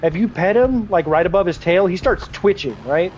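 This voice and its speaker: Male streamer, 20s, higher-pitched, casual crude banter with chat. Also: expressive, normal speed, a little mellow, slight background noise, low-quality recording. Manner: crude joking, laughs often. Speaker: game streamer. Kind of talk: casual livestream chat with viewers.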